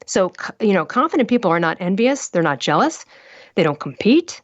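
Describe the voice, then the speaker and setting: Here a woman's mid-range voice is very animated and fairly fast, with no echo. Appearing as an interview podcast guest, she tells stories bluntly and emphatically and keeps tossing out rhetorical questions, all in muffled, dry podcast sound.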